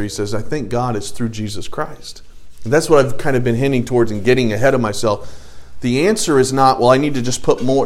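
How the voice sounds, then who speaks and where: A middle-aged man with a mid-range voice teaches an adult Bible study earnestly, swinging between loud urging and hushed, prayerful tones.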